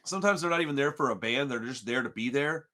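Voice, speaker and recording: Slangy storyteller from Texas, bright voice. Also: male voice, mid-range voice, quick pace. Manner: slangy, peppers talk with "dude" and "bro"; animated, emotional storyteller. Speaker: podcast co-host. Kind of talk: casual storytelling chat.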